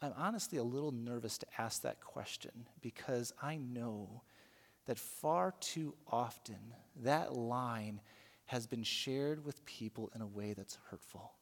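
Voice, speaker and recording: A man's voice: medium pitch, a little slow. Man preaching in a reverberant hall. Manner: storytelling with frequent repeated words and restarts. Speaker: pastor. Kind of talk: sermon. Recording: long reverb of a large hall.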